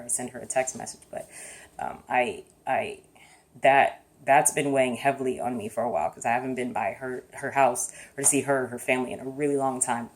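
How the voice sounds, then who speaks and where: A woman talking through her thoughts in a casual vlog, thoughtful and hesitant, often pausing to find her words. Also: extremely low pitch. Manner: thoughtful, hesitant, soft-spoken. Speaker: vlogger. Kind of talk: casual reflective monologue.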